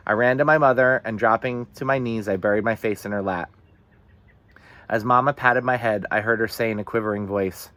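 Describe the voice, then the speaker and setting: A man reading a novel aloud in the first person, with steady, earnest storytelling. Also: on the low side, moderate pace, no echo. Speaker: audiobook reader.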